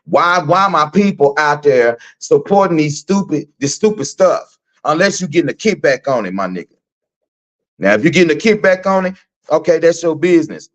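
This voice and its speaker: This is a middle-aged man from Texas with a voice on the high side. He hosts an off-the-cuff live stream. He rants in an animated, preachy way, swears freely and hammers his points home by repeating them. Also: moderate pace. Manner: animated, repetitive, preachy and profane. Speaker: host.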